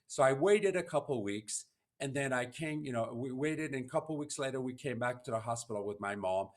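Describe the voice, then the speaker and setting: A man's voice: mid-range voice, a little fast. Earnest man telling a personal story. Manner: earnest, emotional, heartfelt. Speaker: podcast host.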